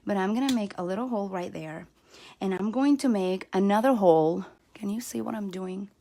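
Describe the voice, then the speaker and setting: A woman's voice: medium pitch, brisk, creaky, dark tone. Chatty woman demonstrating card crafts. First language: not English. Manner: chatty and self-deprecating, talks while working. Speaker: card-making channel host. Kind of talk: live crafting demo, reading viewer comments.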